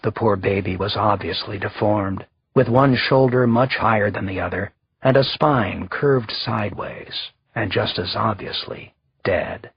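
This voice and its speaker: A man narrating an audiobook in measured, even storytelling. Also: lowish voice, vocal fry, slightly rough, no room sound. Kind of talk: scripted narration. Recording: slightly dull lo-fi recording.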